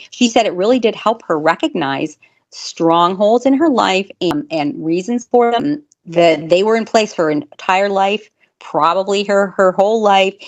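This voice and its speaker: A woman casually telling a true story, chatty, with lots of fillers and restarts. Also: on the low side.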